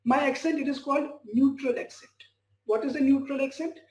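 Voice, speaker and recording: A man's voice: very high voice, fairly even intonation, a little fast, a little mellow. A male tutor, teaching a speaking class online and reassuring a student with frequent check-ins. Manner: reassuring, repeats "fine" and "okay" as check-ins. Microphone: video call. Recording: echoey room with faint noise.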